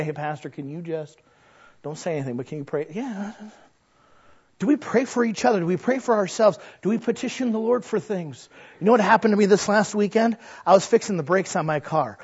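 A man with a fairly high voice preaches to his congregation in a relaxed, folksy manner, firing off rhetorical questions. The recording is dull and lo-fi. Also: husky. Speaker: pastor. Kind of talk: sermon.

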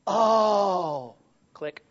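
A man preaching a sermon with passion. He tells stories along the way and sometimes builds to shouted emphasis. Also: high voice, animated, drawn-out words, muffled recording. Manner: impassioned, rising to shouted emphasis; storytelling asides.

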